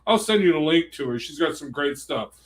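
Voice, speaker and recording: A man in a casual conversation, telling a heated story in an animated, rambling way. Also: a little high, brisk.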